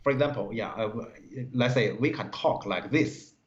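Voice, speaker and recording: Halting man reviewing go games. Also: medium pitch. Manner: halting, many fillers, broken English grammar. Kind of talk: live-stream game review. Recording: roomy, dull stream audio.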